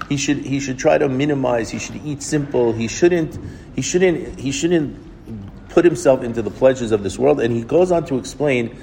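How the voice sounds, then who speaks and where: A man's voice: medium pitch, dark tone. Man giving a casual Torah talk, reverberant. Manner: conversational, restarts phrases often, acts out quoted dialogue. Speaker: Torah teacher. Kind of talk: informal Torah talk with storytelling. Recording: long reverb with faint background noise.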